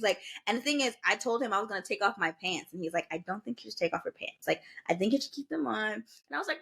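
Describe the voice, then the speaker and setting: A woman's voice: a little high, fast, hardly any pauses. A young woman in her twenties, a podcast co-host, telling a story in casual chat and acting out the voices of the people in it. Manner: animated, acts out quoted voices.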